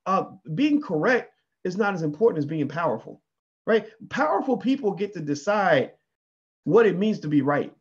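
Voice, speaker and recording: A man's voice: high-pitched, sing-song, normal speed, slightly rough, muffled recording. A man giving an emphatic opinion monologue, often asking 'right?' and restarting his sentences. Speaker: commentator.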